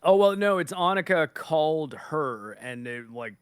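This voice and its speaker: A man co-hosting a casual podcast, rambling with lots of hedging fillers and getting loud when excited. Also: fairly high pitch, unhurried, clear, resonant tone, no room sound, clean studio sound. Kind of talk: casual chat.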